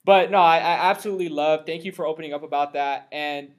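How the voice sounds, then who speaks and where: A man hosting a casual podcast conversation, talking in a loose, rambling, animated way. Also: fairly high pitch, quick pace. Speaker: podcast host.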